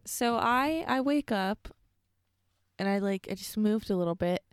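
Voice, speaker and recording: A young woman guesting on a podcast, telling a story in an animated way and laughing easily. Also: mid-range voice, measured pace, smooth, dry recording, clean studio sound. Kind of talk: casual chat.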